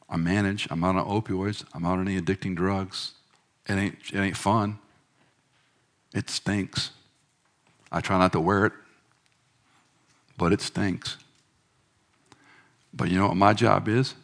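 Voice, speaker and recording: A middle-aged male pastor preaching a sermon in a church, swinging between emphatic bursts and hushed, quiet lines. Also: sits low, gravelly.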